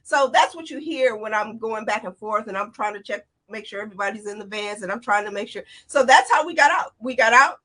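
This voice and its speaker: A woman in her forties, a guest in an interview, retelling a frightening escape in an animated, tumbling way, full of quoted dialogue. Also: fairly high pitch, a little fast, few pauses. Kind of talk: emotional personal account.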